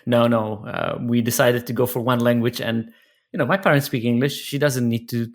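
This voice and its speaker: A man's voice: mid-range voice, steady tone, brisk. A man from Poland with a Polish accent, a guest in a casual podcast chat, who talks freely and repeats words while he thinks. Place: lives in Cornwall, England.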